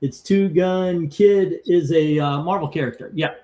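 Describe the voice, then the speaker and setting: A man's voice: on the high side, a little slow, mellow. A man hosting a casual live stream, chatting and reading out viewer comments and scores. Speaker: host of a live comic-cover ranking stream.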